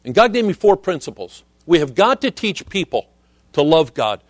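A middle-aged man preaching a sermon as a visiting missionary, earnest and measured, often quoting scripture. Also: a little high, sing-song, no room sound, studio quality.

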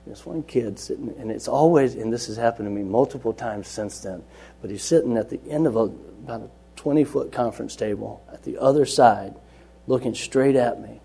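Husky-voiced man telling a faith story. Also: medium pitch, brisk. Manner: earnest storytelling, swings from soft to loud and lively. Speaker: Bible study leader at a juvenile center. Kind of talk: personal faith testimony.

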